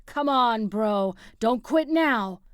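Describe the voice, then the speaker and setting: A woman's voice: mid-range voice, takes it slowly, a bit bright, clean tone, no echo, studio quality. A woman voicing a cocky, macho man who barks orders and taunts his brother as his gym trainer, in an audiobook. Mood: barking orders. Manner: barking, taunting commands.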